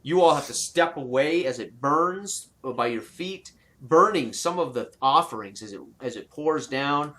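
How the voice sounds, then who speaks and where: Man, game master, average pitch, halting narration, tabletop game. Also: animated, bright, forceful tone. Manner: halting, many fillers and restarts while narrating.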